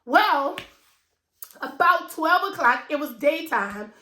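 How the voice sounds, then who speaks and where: Speaking slowly in a high-pitched, animated voice, this New Orleans woman in her thirties shares a personal story with her viewers, emotional and conversational. Her tone is bright and forceful, with a little hiss or hum and an echoey room behind her. She's a finance vlogger from New Orleans, USA, with the local accent.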